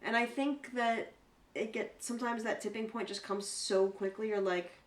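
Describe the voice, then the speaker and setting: A woman's voice: a little high, moderate pace, distant mic. Chatty podcast co-host, woman, sits back from the mic in an echoey room. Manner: chatty, swearing, animated retellings. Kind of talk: casual chat.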